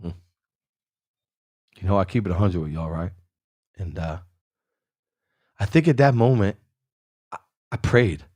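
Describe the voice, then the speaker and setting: A man's voice: deep voice, lively intonation, a little slow, long pauses, darkish tone, no echo, clean studio sound. A man hosting a podcast, earnestly telling a motivational personal story in casual, slangy speech and addressing the listener by name. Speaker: podcast host.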